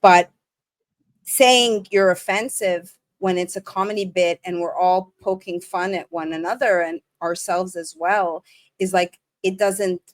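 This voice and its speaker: A woman hosting a casual interview, working through her thoughts aloud with halting restarts. Her voice sits on the lower side for a woman. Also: steady tone. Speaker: host.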